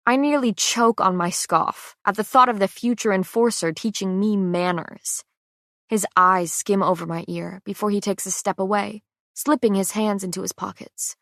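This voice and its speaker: A woman giving measured, scripted first-person narration of a fantasy romance audiobook. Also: lowish voice, steady tone, fairly bright tone, no room sound, clean studio sound.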